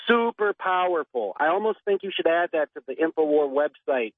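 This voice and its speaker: A man's voice: a little high, animated, no room sound. A man calling in to a talk radio show, rambling and earnest, heard over a tinny phone line. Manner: rambling, earnest, drawn-out pauses. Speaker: caller.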